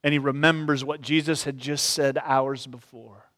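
A man preaching an expository sermon in a church. He talks reflectively and often softens his points with "sort of.". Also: medium pitch, little pitch movement, normal speed. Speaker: pastor.

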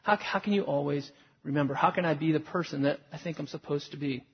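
A pastor preaches a sermon to his congregation, telling self-deprecating stories about his marriage in a conversational way. His voice is on the high side, fast and husky. The recording is lo-fi, with long hall reverb.

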